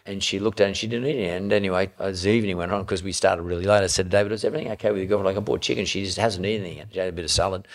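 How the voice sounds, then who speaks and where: A man's voice: low-pitched, steady tone, racing, few pauses. A middle-aged Australian man, a podcast guest, telling blunt, swear-laden anecdotes in casual chat.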